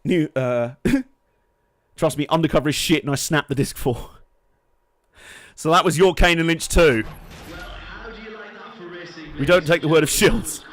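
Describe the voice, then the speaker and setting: A man streams a racing game with joking, profane live commentary and frequent laughter, speaking in a slightly high, a bit bright voice at a measured pace with long pauses. There's no room sound, though racing music and engine noise are audible; he's a let's play streamer.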